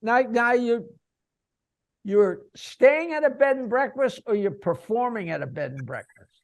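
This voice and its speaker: A man's voice: extremely high pitch, lively intonation, unhurried, vocal fry, dry recording. A man co-hosting a comedy talk show, asking questions and mimicking voices with a laugh. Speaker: podcast co-host. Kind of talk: casual interview chat.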